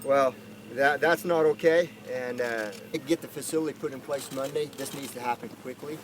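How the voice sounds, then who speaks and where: A man's voice: mid-range voice, steady tone, moderate pace, noisy background. A man with a drawl, a rancher answering reporters at an outdoor press conference, talking in a folksy, earnest way that turns emphatic.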